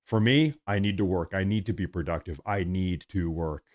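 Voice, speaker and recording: A middle-aged man hosting a live stream, reading viewer messages and commenting in a casual, animated, repetitive way. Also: low voice, normal speed. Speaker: livestream host reading super chats.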